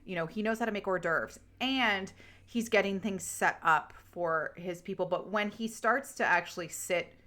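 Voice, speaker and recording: A woman's voice: mid-range voice, moderate pace. A woman hosting a podcast, gushing about a book in casual chat and reading the show's plugs. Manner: gushing, animated, casual profanity. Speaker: podcast host.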